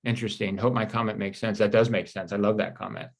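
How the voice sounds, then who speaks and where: A man with a fairly low voice coaches his audience live, talking in a calm, reassuring, conversational way. He keeps checking in with a "right?" and pauses now and then to read viewer comments aloud. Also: creaky. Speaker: life coach.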